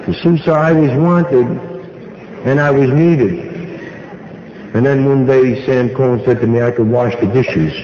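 A man's voice: medium pitch, moderate pace, background noise. A man giving a personal recovery testimony at a meeting, a wry, folksy storyteller who acts out dialogue. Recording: echoey hall, dull lo-fi sound.

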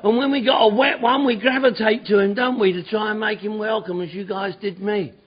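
A man's voice: sits high, brisk, breathy edge. A man telling his recovery story to a meeting, acting out voices and swearing freely. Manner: animated storyteller, acts out dialogue, swears freely. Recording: dull lo-fi recording with a murmuring crowd.

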